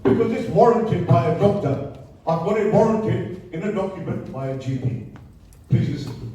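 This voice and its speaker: A man's voice: high-pitched, lively intonation, moderate pace, warm tone, slight background noise. A man from England addressing a public meeting as a local resident, emotional and pleading, then angry and accusing. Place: large hall with a crowd. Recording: echoey hall from far off.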